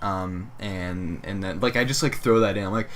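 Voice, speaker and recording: A man's voice: sits low, normal speed. A young man co-hosting a casual chat, ranting profanely about customers and acting them out in mock voices. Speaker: co-host. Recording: faint background noise.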